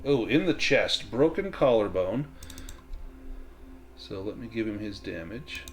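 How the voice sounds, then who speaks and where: A man as game master of a tabletop western game, calmly explaining the rules step by step. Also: lowish voice, a little slow.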